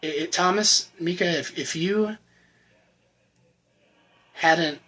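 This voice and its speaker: A man giving an earnest, emotional personal faith testimony to the camera, often halting and repeating words. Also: fairly high pitch, pushed and bright, breathy edge, rough recording. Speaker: channel host sharing his recovery testimony.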